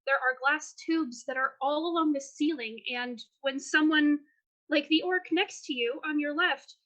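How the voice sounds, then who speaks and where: A woman running a tabletop game, describing scenes in a lively, quick way full of fillers. Her voice sits high and sounds bright. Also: low-quality recording. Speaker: game master.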